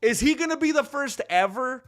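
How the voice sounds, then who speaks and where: A man hosting a casual livestream, rambling and animated as he chats with viewers. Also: very high-pitched, normal speed. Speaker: livestream host.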